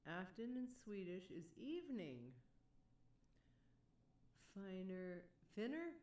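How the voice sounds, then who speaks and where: A woman's voice: medium pitch, very animated, slow, darkish tone, reverberant, recorded from a distance. A woman chatting casually on a live stream, reading chat messages aloud and laughing often.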